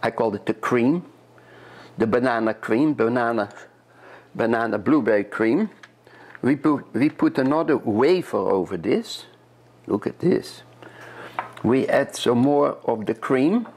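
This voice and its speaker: A man's voice: medium pitch, expressive, unhurried, long pauses, a little mellow, slightly rough. A man from Europe, a chef, chatting step by step through a cooking demonstration in a kitchen and often repeating his words.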